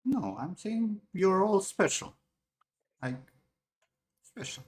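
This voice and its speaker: A Norwegian art mentor hosts a voice chat full of casual banter, teasing people, swearing freely and laughing often. His voice sits lowish and a bit bright, at a moderate pace.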